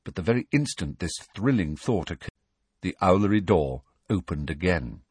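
A man narrating a children's story in an expressive, scripted reading. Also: low voice, moderate pace, breathy edge, no echo. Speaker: audiobook narrator.

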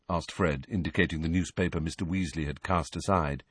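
A man narrating an audiobook with expressive storytelling. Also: low-pitched, brisk, few pauses, breathy edge, no echo.

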